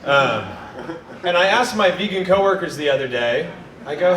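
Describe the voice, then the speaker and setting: A man with a slightly high voice performs a stand-up set in a casual storytelling manner. His stories land on crude punchlines. The sound comes from a distant camera in an echoey room with background noise. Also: animated, moderate pace. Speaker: stand-up comedian.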